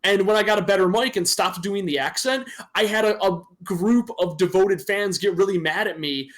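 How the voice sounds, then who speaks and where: Chatting casually as co-host of a streamed podcast, a young man from Michigan laughs, cusses, and pokes fun at himself into a desktop microphone. His voice sits high and a bit bright, at a moderate pace.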